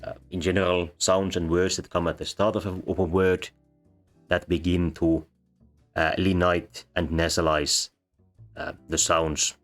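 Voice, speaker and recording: A man explaining sound changes as a lecturer, pausing often with ums and uhs. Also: low-pitched, flat delivery. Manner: halting, many ums and uhs. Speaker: linguistics lecturer. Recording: faint background music.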